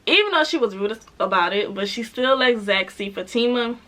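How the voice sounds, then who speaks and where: A woman giving a casual, animated recap of a TV episode, chatting with laughs and acting out the characters' lines, with speech. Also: on the high side, moderate pace. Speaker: TV show reviewer.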